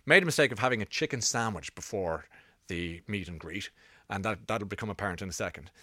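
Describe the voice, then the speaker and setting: A middle-aged man hosting a radio show, telling rambling stories with quick asides into a studio mic. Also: on the low side, animated, pushed and bright, no echo. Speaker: radio host. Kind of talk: casual radio chat. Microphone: broadcast studio mic.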